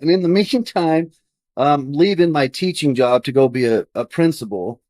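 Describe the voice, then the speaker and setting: A man's voice: on the high side, moderate pace, darkish tone, no room sound. A man in his thirties, a podcast guest, earnestly telling a personal story in conversation and acting out his own past thoughts.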